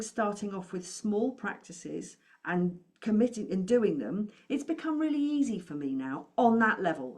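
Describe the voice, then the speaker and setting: Encouraging money coach. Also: female voice, on the low side. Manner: encouraging, asks the listener many questions. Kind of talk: motivational talk to camera.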